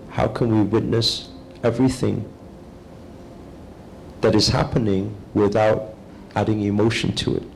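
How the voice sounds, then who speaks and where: A man giving a calm, measured spiritual talk, speaking slowly and deliberately as a teacher. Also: on the low side, vocal fry, a little hiss or hum, rough recording.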